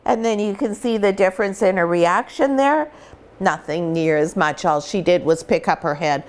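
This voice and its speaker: A middle-aged woman breeder talks warmly and casually in a home vlog. Her voice sits a little low, and she keeps pausing with fillers and restarting her sentences. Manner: chatty and warm, with many fillers and restarts. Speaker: dog breeder.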